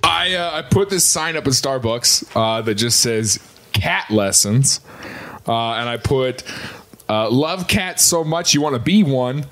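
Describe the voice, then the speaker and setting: A man's voice: mid-range voice, lively intonation, unhurried, fairly bright tone. A man co-hosting a comedy podcast, telling a prank story and laughing often. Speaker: podcast co-host.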